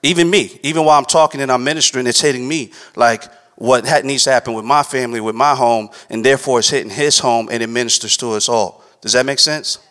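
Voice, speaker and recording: A man's voice: medium pitch, fast talker, few pauses, sharp tone. A man giving a conversational sermon, checking in with listeners and repeating scripture lines. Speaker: preacher. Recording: long hall reverb.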